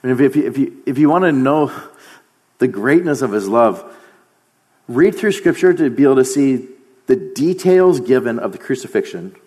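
A man's voice: mid-range voice, lively intonation, normal speed, a little mellow. A man preaching a sermon, emphatic, dropping to a near-whisper on key phrases.

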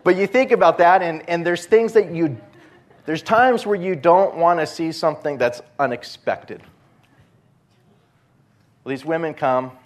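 A man's voice: a little high, measured pace, pauses often. Man, pastor, sermon, conversational storytelling, acted quotes.

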